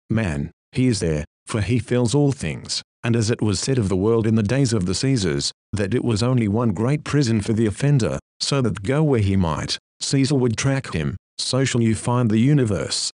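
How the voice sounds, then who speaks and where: A man's voice: on the low side, darkish tone, no room sound, clean studio sound. A man delivering a stern, solemn sermon in an oratorical manner. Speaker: preacher. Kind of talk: sermon reading.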